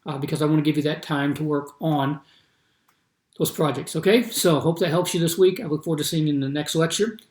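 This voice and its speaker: A man's voice: on the high side, steady tone, a little fast, a little mellow, reverberant. A man giving a recorded course lecture, explaining patiently and repeating his examples with shifting stress. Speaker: instructor.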